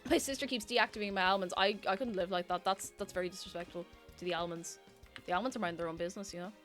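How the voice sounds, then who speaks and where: A woman's voice: medium pitch, racing, fairly bright tone, soft background music. Rambling, giggly woman livestreamer. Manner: rambling, giggly and self-mocking. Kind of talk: casual chat reading viewer messages.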